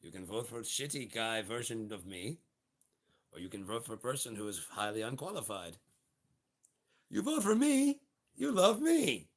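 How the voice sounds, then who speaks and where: A man's voice: mid-range voice, big pitch swings, normal speed, pauses often. A man in his forties voicing a mocking impression of a boastful male strongman leader, smug and taunting.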